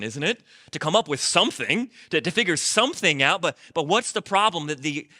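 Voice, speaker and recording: A man's voice: on the high side, sharp tone. A man preaching a sermon as pastor, speaking conversationally, repeating words and asking rhetorical questions.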